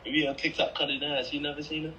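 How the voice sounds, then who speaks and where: A man from New City, laid-back and high, talking to a stranger on a video chat. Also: little pitch movement, very fast, pushed and bright, a little hiss or hum, low-quality recording. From New York City.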